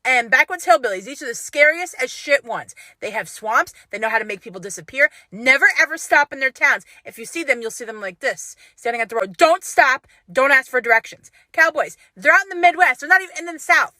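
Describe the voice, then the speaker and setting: A woman's voice: sits high, expressive, brisk, hardly any pauses, sharp tone, no echo. A young woman giving a sassy, emphatic comic explainer for social media. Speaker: TikTok creator.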